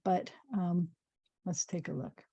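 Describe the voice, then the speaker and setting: Patient woman rabbi teaching, mellow tone. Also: on the low side, fairly even intonation, vocal fry, husky, no room sound, lo-fi sound. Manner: patient, explains slowly, chuckles at own jokes. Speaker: rabbi teaching Hebrew reading. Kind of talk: classroom lesson.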